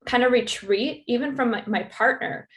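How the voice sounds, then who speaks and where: A woman guest on a podcast talking casually, halting often with "like" and "um" as she searches for words. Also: on the high side, fairly bright tone. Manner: halting, full of "like" and "um". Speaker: podcast guest, retreat host. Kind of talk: casual conversation.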